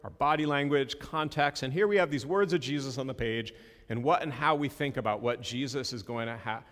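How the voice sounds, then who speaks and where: A man's voice: mid-range voice, fairly quick, fairly bright tone, long reverb tail. A male pastor giving a sermon in a conversational way, with self-deprecating asides.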